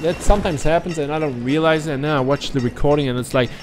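A German-speaking man with a fairly high voice talks fast over a noisy background, giving casual let's-play commentary. His gaming chatter is rambling, profane and self-mocking.

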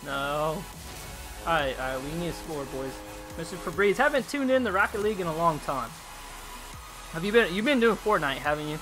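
An excitable young man talks over his live game stream, his high bright voice jumping all over as he reacts to plays and chats with viewers. He calls everyone dude. Faint game music runs behind him. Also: fairly quick. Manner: excitable, chatty, reads chat aloud, calls viewers dude. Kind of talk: live gameplay streaming commentary.

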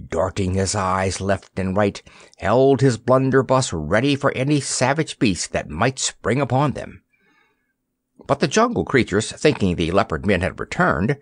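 A man reading a children's fantasy audiobook aloud in an expressive storytelling manner. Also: medium pitch, vocal fry, no echo, studio quality. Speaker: narrator. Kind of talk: audiobook narration.

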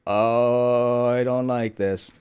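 A man's voice: mid-range voice, fairly even intonation, very slow, darkish tone, smooth. A man hosting a casual gameplay video, joking, swearing and talking to himself as he plays. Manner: jokey, swears a lot, talks to himself. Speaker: gameplay host.

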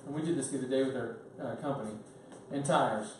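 A middle-aged man coaching business owners at a training seminar, blunt and energetic, pressing his points hard. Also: medium pitch, fast talker. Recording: echoey room from far off, faint noise.

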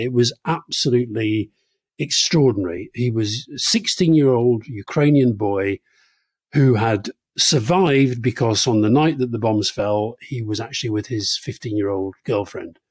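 Husky man in his sixties, earnest podcast host. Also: medium pitch, moderate pace, no echo. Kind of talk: conversational political podcast.

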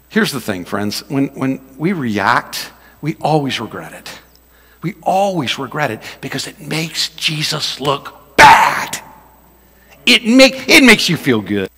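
A male pastor preaches in an animated, storytelling way, his voice bright and ringing. His pitch leaps around as he acts out scenes. The sound carries the long reverb of a church hall. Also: husky. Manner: animated, acts out shouts and quotes in a high voice. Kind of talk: storytelling sermon.

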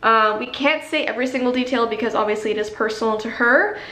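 A woman's voice: fairly high pitch, quick pace, sharp tone, reverberant. A young woman from Canada hosting a casual story-time vlog, chatty and full of "like" fillers. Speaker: vlogger.

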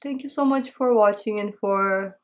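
A young woman talking casually to camera, soft-spoken and halting, close to tears. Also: mid-range voice. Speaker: vlogger announcing a breakup. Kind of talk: casual heartfelt chat to camera.

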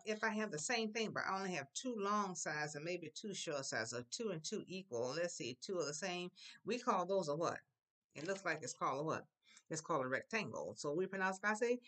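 Teacher, female, lower voice, very animated delivery, drills words for kids to repeat. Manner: lively, drawn-out repetition of words for pupils to copy. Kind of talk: classroom language lesson. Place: school classroom.

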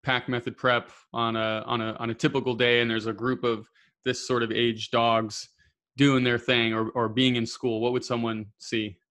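Halting man hosting a podcast. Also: mid-range voice, level tone, fairly bright tone. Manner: halting, rephrasing questions. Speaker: podcast host. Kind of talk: podcast interview.

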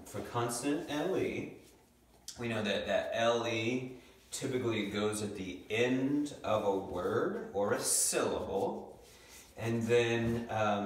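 A young male teacher gives a remote lesson to second graders, stretching out each word as he sounds it out. His voice sits a little low and moves slowly and patiently. He is picked up from a distance in a very echoey room with a faint hum behind him. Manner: patient, slow, stretches out words to sound them. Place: home room. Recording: echoey room, mic far off.

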